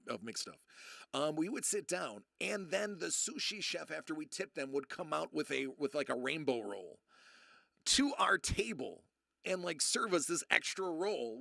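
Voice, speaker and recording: A man's voice: mid-range voice, vocal fry, a bit bright, no echo, clean studio sound. A young man casually telling a rambling story to his live chat, restarting sentences as he goes.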